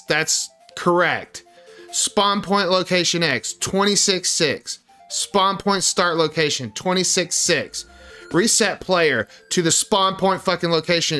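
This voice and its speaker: Cursing, bright-voiced game developer man. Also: a little high. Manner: frustrated, swears constantly, talks to viewers. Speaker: indie game developer streaming. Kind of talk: live coding stream, thinking aloud.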